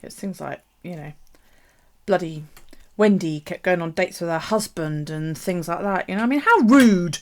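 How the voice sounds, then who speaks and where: Woman, live-stream crafter, rambly and sweary, gravelly fry in the voice. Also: fairly low pitch, normal speed, darkish tone. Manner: chatty, rambling, swears freely, laughs at herself. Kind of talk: casual crafting chat. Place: home craft space.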